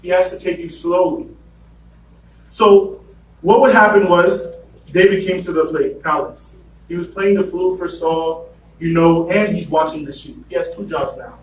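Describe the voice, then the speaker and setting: A man with a fairly high voice delivers a sermon, retelling the story and slipping into the voices of its characters. He is picked up from a distance in a reverberant church hall, with a faint hum of room noise underneath. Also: a little slow. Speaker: preacher. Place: church sanctuary. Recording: echoey church room from afar.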